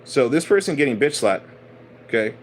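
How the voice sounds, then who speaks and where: A man's voice: mid-range voice, sing-song, moderate pace, slight background noise. A man preaching in a casual, blunt style, swearing often and hammering points through repetition. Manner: blunt, profane, emphatic preaching; conversational, repeats phrases. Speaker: spiritual teacher. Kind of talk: casual sermon.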